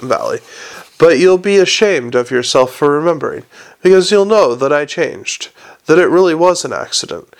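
A man's voice: on the high side, gravelly. A man voicing a cruel, taunting teenage boy in a read-aloud story. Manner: mocking, menacing.

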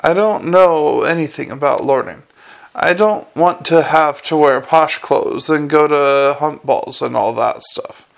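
A man's voice: on the high side, measured pace, creaky. A man voicing a scruffy, self-pitying corporal who moans about his lot. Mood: woeful. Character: scruffy male corporal, whiny and put-upon.

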